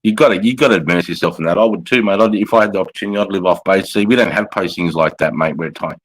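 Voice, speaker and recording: A man's voice: low-pitched, rapid-fire, low-quality recording. An Australian man and army veteran in casual chat from his lounge room, blunt and heavily profane, calling everyone mate.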